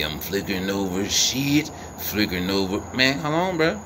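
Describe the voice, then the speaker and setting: Talking straight to his audience, this man records the night sky outside with his phone, his pitch jumping as he swears, exclaims, and questions incredulously. He keeps a moderate pace with few pauses. The noisy outdoor audio is full of loud crickets, insects, and cars going by.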